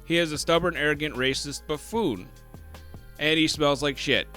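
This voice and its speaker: A man co-hosting a casual podcast, telling a profane, animated story and throwing in mocking impressions. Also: fairly high pitch, moderate pace, soft background music. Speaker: podcast co-host. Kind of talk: casual trash-talk chat.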